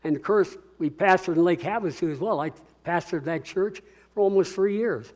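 Old guy pastor preaching, highish voice, earnest, gets the crowd to say it back. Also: moderate pace, a little mellow. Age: older. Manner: earnest, rising to call-and-response exhortation. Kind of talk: sermon.

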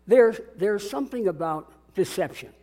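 A man's voice: sits high, lively intonation, moderate pace, mellow. A man preaching a sermon as a pastor, dramatic and calling out to his congregation. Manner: dramatic, call-and-response preaching.

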